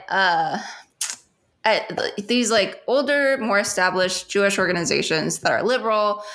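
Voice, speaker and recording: A woman's voice: medium pitch, fairly bright tone. A young woman co-hosting a podcast in casual chat, rambling with constant fillers and swearing freely. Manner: rambling, heavy filler "like", frequent swearing and laughs. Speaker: podcast co-host.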